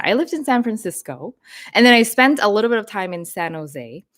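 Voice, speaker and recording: A woman from Thailand with a North American accent, Thai her first language, chatting and laughing as host of a live Q&A. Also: lowish voice. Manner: chatty, laughing, lively storytelling. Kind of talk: live Q&A chat.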